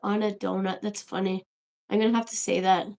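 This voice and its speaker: A woman's voice: mid-range voice, level tone, brisk, vocal fry, darkish tone. A young woman hosting a casual livestream, chatting to viewers in a rambling, exasperated way. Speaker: livestream host.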